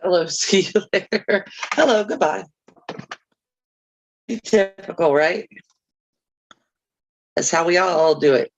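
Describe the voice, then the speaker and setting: A woman's voice: on the low side, slow, long pauses, dull audio. A woman hosting a casual crafting livestream, chatting easily with viewers and reading out their comments, with chirpy, self-deprecating asides.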